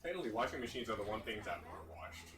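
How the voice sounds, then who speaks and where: A man's voice: on the low side, very animated, racing. A man making dry wisecracks during a game session with friends. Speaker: let's play co-host. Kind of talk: casual gaming banter. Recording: echoey room with game music.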